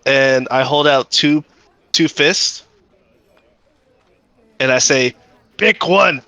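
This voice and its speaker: A man's voice: medium pitch, little pitch movement, slow pace, bright, forceful tone, smooth, no room sound. A man playing a tabletop role-playing game, speaking in a playful, joking way. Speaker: player. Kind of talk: casual tabletop game play.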